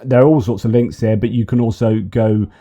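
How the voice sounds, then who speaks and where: Guy hosting a news commentary channel, mellow warm voice, lots of uhs and restarts, keeps saying brilliant. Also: medium pitch, fairly even intonation, brisk. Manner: rambling, with many fillers and restarts; enthusiastic, repeating praise.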